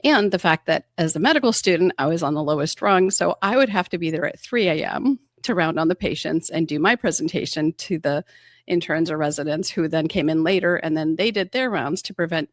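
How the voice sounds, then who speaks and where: A woman's voice: lowish voice, brisk, dry recording, clean studio sound. A woman in her fifties, an emergency room physician and interview guest, telling stories casually and acting out quoted dialogue with frequent laughter. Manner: animated, acts out quoted dialogue, laughs often.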